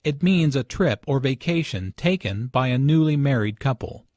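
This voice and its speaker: A man narrating English lesson notes in a measured, explanatory way. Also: medium pitch, animated, a little mellow, no room sound.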